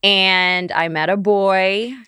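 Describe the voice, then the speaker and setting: A woman's voice: medium pitch, takes it slowly, slight background noise. A middle-aged woman from St. Louis, a guest in an interview, telling her story casually and acting out the voices of people she quotes. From St. Louis, USA. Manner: animated, acts out quoted dialogue.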